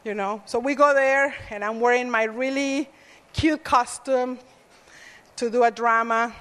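A woman's voice: fairly high pitch, fairly even intonation, a little slow, a bit bright. A woman preacher telling a personal story in a sermon, earnest, with self-deprecating asides. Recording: echoey hall reverb.

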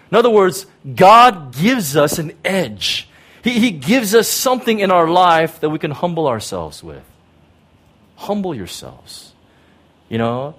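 A pastor preaching a sermon in an emphatic way, repeating key words and often checking in with his listeners. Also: medium pitch.

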